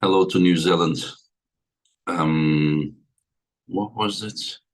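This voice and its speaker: Slow, deep-voiced man greeting viewers. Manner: greets viewers by name one after another. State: tired. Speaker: livestream host. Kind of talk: casual livestream chat.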